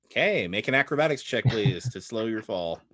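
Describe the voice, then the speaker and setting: A man's voice: fairly low pitch, animated, brisk, a bit bright, no room sound, studio quality. A man running a tabletop game as game master, playful and teasing with his players.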